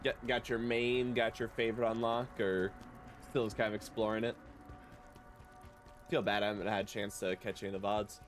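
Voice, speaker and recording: A man's voice: lowish voice, normal speed, soft background music. A man streaming a video game, chatting casually and joking with his viewers as he plays. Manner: animated, joking, chatting with viewers while playing. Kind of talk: casual gaming livestream chat.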